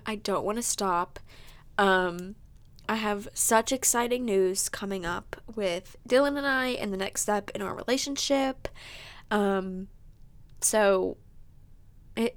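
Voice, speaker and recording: A woman in her early twenties hosting a podcast, talking in a heartfelt, emotional way, sniffling and close to tears, with many fillers. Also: mid-range voice. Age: 20s. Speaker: podcast host. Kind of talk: casual heartfelt monologue.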